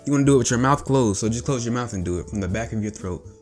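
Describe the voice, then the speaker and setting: A man talking casually as he teaches a voice trick. He goes step by step, repeats himself and fills pauses with ums. His pitch sits in an ordinary middle range. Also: a little mellow, faint music behind. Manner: chatty, repetitive, explains step by step with fillers. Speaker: voice tutorial host. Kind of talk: casual instructional talk.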